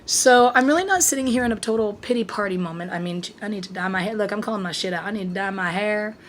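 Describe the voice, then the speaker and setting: Talking fast in a medium-pitched voice, a middle-aged woman vlogger opens up frankly to her viewers. Breathless and weary-voiced, she curses liberally and often breaks off a thought only to begin it anew, with slight noise in the background.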